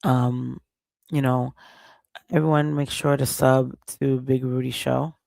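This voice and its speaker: A man ranting on his livestream with a gravelly, crackly voice. He talks slowly and heatedly, with plenty of profanity. The sound is dry and close to the mic. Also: mid-range voice, little pitch movement, darkish tone, no echo. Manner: heated, profane, repeats himself. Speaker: livestream host. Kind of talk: casual livestream rant.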